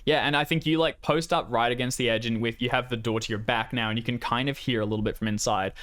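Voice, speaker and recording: A man's voice: medium pitch, fairly even intonation, fast, a bit bright. A man running a tabletop game as game master, narrating casually with many fillers.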